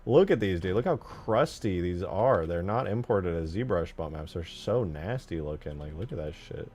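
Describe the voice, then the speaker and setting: A man streaming himself modding a game, excitable and swearing a lot, swinging from low mumbles to sudden yells. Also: normal speed, husky. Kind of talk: live-stream commentary.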